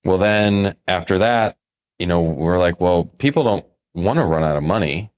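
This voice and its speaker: Low-pitched male advisor, animated storyteller, casual podcast talk. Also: normal speed. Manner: animated storyteller, acts out quoted clients. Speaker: financial advisor.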